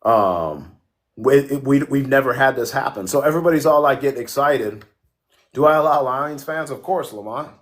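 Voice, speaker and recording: A man with a medium-pitched, animated voice talks at a normal pace while hosting a casual livestream. He jokes around, swears freely, and responds to viewer comments as they arrive.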